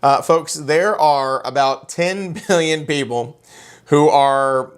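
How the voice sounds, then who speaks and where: A man's voice: fairly high pitch, slow, smooth. A man lecturing a real estate class in a folksy, playful way.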